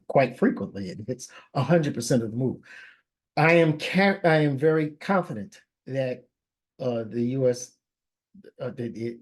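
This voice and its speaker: A man's voice: medium pitch, darkish tone, slightly rough. A man giving a casual market analysis, walking through charts conversationally and often checking in with "all right?" while correcting himself.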